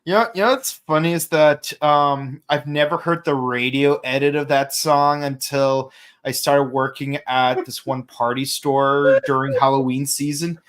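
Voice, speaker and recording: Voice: medium pitch, steady tone, measured pace. A co-host of a live fan review show, chatting casually about the latest episode. The talk rambles and restarts often. The co-host breaks into sung bits of songs along the way.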